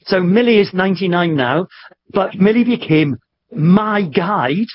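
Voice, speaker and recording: A man's voice: sits high, animated, unhurried, slightly rough, no room sound. A middle-aged man, a guest author, telling his story in an earnest, conversational way on the radio. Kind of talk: radio interview. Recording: dull lo-fi broadcast audio.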